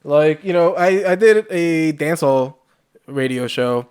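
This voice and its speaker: A man's voice: on the high side, unhurried, darkish tone, clean tone. A man co-hosting a casual podcast chat, rambling with many likes and restarts. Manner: rambling, heavy use of "like", frequent restarts. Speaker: podcast co-host.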